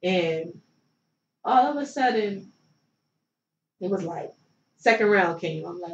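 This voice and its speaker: A woman's voice: medium pitch, animated, measured pace, long pauses. A young woman from Philadelphia tells her story as an interview guest, rambling casually with plenty of likes and you knows. She sits back from the mic in a roomy space, so her voice sounds distant and echoey. The sound is dull, with a faint noise underneath. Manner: loose and chatty, filler-heavy with many likes and you knows. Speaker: guest, former pro basketball player.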